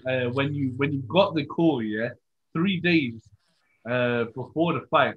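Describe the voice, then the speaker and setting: A man's voice: medium pitch, measured pace. A man hosting a podcast, talking loosely and peppering his questions with "bro" and "yeah". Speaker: podcast host. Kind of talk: casual interview chat. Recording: echoey, muffled lo-fi audio.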